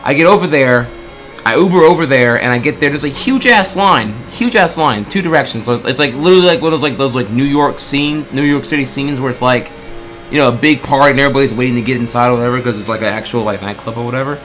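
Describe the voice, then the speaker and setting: A man telling a story in a casual, animated way, swearing often, packed with filler words and acted-out exchanges. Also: mid-range voice, quick pace, faint music behind. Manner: acts out quoted exchanges in bursts. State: throat getting tired.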